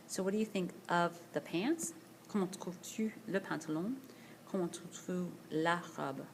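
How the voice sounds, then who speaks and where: A woman teacher recording a screencast vocabulary lesson, speaking slowly and carefully and repeating each word for pronunciation practice. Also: fairly low pitch, slight background noise. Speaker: French teacher. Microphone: tablet screencast voice-over.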